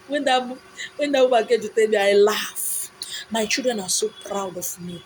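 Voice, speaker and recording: A woman's voice: medium pitch, moderate pace, slight background noise, rough recording. A woman with a Nigerian accent giving an impassioned, preachy monologue, full of rhetorical questions and insistent repetition. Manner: repetitive, insistent phrasing with pidgin asides.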